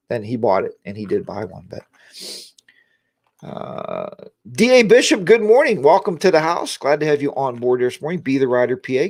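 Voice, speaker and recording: A man hosts a casual livestream, rambling and chatting as he greets viewers by name. His voice is medium-pitched with a darkish tone, picked up by a lapel mic in a home studio.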